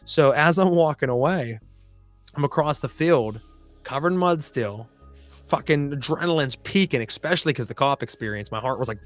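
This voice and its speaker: A man's voice: medium pitch, animated, moderate pace, no room sound, soft background music. Blunt, profane man telling a story. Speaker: podcast host. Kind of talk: storytelling monologue.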